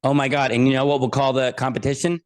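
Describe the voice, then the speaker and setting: A man's voice: mid-range voice, flat delivery, fast talker. Jokey, rambling male podcast guest. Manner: jokey, rambling, self-deprecating. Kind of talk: casual interview chat.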